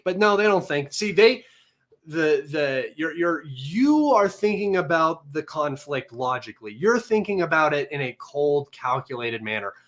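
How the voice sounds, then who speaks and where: A man hosting a casual livestream with a slightly raised voice. He talks in a mocking, sarcastic, combative way and sounds excitable, almost manic. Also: on the high side. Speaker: livestream host.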